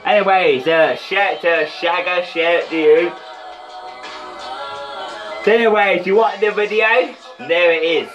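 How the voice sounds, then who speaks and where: A man's voice: high-pitched, slow, pauses often, highs cut off, music in the background. A British man ranting in a rambling, profane, taunting diss vlog. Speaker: vlogger.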